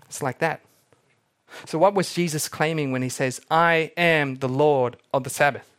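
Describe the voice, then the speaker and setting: Animated young man preaching a sermon. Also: fairly high pitch, normal speed. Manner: animated storytelling, acting out quoted characters. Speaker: pastor.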